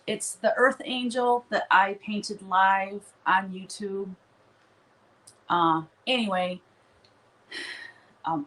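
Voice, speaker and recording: A woman's voice: fairly low pitch, a bit bright, low-quality recording. Chatty woman hosting a live stream. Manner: chatty, rambling, laughs often. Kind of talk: casual live-stream chat. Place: her studio.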